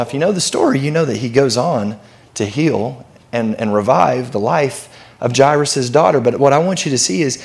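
A man's voice: medium pitch, expressive, normal speed, creaky, a little mellow. A man preaching a sermon, talking in a conversational, emphatic way and asking the listeners questions. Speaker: pastor.

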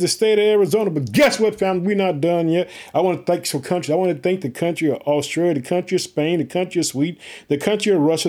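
A man preaching an online sermon, fired up and excited, calling listeners "family" and praising often. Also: high-pitched. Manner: excited, repeats "family" and "hallelujah", Southern-style "y'all". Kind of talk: online sermon with prayer and Bible reading.

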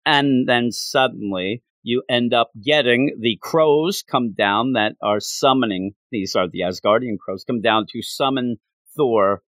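A man's voice: mid-range voice, unhurried, a bit bright, dry recording. A man casually reviewing a comic issue, chatty and full of opinionated asides.

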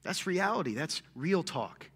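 A man preaching a sermon as pastor, punchy and joking, swinging from loud calls to muttered asides. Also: a little high, big pitch swings, a little slow, breathy edge. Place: church hall with long reverb. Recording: echoey church hall.

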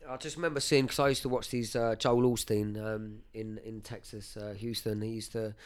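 In a lowish, smooth, steady voice at a moderate pace, a man in his 30s guests on a podcast to tell his life story. It's emotional and earnest, casual chat blended with personal testimony, full of fillers and false starts.

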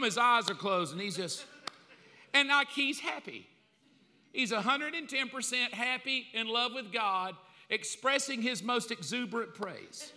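Man, pastor, high voice, bright tone, comic sermon, echoing church hall. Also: measured pace. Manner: comic, animated, acts out quotes in loud bursts. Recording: long hall reverb.

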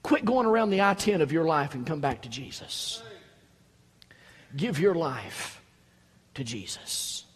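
A pastor preaching a sermon, dropping to quiet low reading and then rising to loud, high-pitched exhortation. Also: male voice, sing-song, unhurried, long pauses. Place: church sanctuary. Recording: echoey hall.

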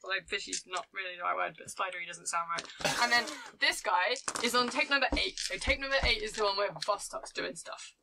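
A woman playing in a tabletop role-playing game, talking in an excitable, rambling, worried way as her character. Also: mid-range voice, creaky, noisy background. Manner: excitable, rambling, quick to worry. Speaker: player.

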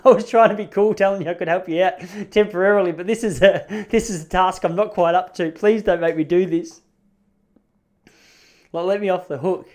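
A man's voice: high voice, quick pace, hardly any pauses, warm tone, pitched above the performer's own voice, lightly acted. An Australian man voicing his flustered young father, who is out of his depth and pleading nervously.

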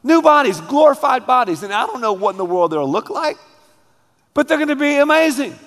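A pastor preaching a sermon, emphatic and dramatic, calling on the congregation to repeat after him. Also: male voice, extremely high pitch, big pitch swings, a little fast, a bit bright. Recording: long hall reverb.

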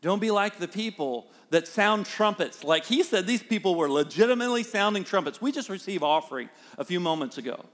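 A man's voice: high-pitched, animated, a little fast, hardly any pauses, a bit bright. A male pastor preaching a sermon in an earnest, conversational way, telling stories and talking directly to the congregation. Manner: storytelling, acts out a child's voice and quoted speech.

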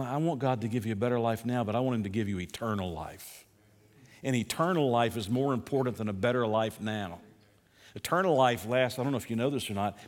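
A man's voice: mid-range voice, a bit bright. An older man teaching a sermon as pastor, conversational, repeating himself and putting questions to his listeners. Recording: long reverb from a hall.

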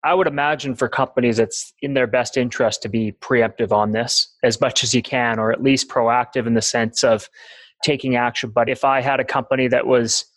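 A man's voice: medium pitch, steady tone, a little fast, no room sound, rough recording. Man asking long questions, dry sound. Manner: long, probing, hypothetical questions. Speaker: podcast host. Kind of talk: interview questions.

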